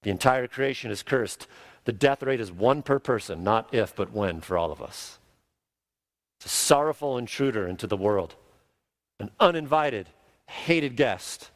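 A man's voice: mid-range voice, expressive, measured pace, dry recording. A man preaching a sermon, emphatic and repeating key words for stress. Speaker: pastor.

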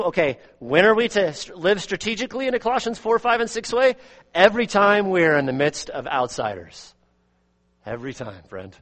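A man preaching an expository sermon as pastor, earnest, repeating words and swinging from loud emphasis to quiet asides. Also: on the high side, long reverb tail. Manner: earnest, repeats words, rises and drops sharply in volume.

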